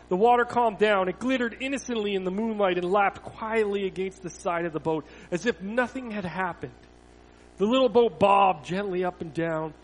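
A pastor reads a story to the children in his church, building dramatically and then falling to a near whisper. His voice sits high for a man. It rings out with a long reverb through the church hall. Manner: expressive storytelling, swelling loud then dropping to a hush. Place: church sanctuary.

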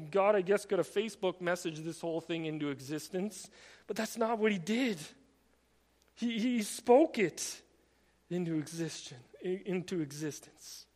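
An earnest male preacher with a high, light voice delivers a sermon, leaning hard on certain phrases by slowing right down. His words ring out with a long hall echo around them. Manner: earnest, emphatic preaching with slowed stressed phrases and repetitions.

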